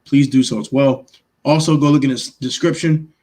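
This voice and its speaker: A man's voice: medium pitch, fairly even intonation, a little fast, darkish tone. A man hosting a casual livestream, talking emphatically, repeating himself and swearing freely as he reacts to viewers by name. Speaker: livestream host grading draft picks.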